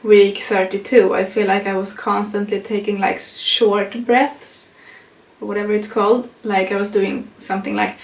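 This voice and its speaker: A woman's voice: mid-range voice, little pitch movement, normal speed, reverberant, distant mic. A young woman, a non-native English speaker, chatting casually in a pregnancy update vlog, with frequent laughs and fillers. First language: not English. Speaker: vlogger.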